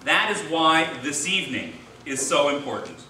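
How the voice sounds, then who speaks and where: Rabbi giving a dinner speech, higher voice, heard from far off in an echoey hall, folksy storyteller. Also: male voice, sing-song, normal speed, sharp tone, a little hiss or hum. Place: large hall. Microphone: distant mic.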